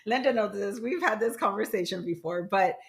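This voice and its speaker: A woman's voice: medium pitch, a little fast, gravelly. A woman co-hosting a podcast, telling frank stories in a candid casual chat, laughing often. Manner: frank, laughing, animated storyteller. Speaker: podcast co-host.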